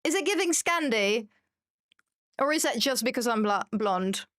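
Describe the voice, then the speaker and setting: A woman's voice: on the high side, expressive, a little slow, fairly bright tone, dry recording. Chatty German woman streamer, dry close mic. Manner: chatty and self-mocking, reads chat aloud. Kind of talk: casual chat while gaming.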